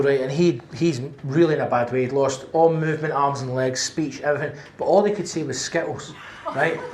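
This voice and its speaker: A Glaswegian man doing a stand-up comedy set, telling brash, sweary stories and tagging lines with "right?". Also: fairly high pitch. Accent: Scottish, Glasgow. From Scotland. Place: comedy venue on stage. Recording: roomy live club with faint noise.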